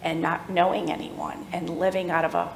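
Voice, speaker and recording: A middle-aged woman telling a personal faith story at a church workshop, animated and laughing as she acts out the voices of people in the story. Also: fairly low pitch, normal speed, creaky, a little hiss or hum. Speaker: workshop speaker. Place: church room. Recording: echoey room with faint ambience.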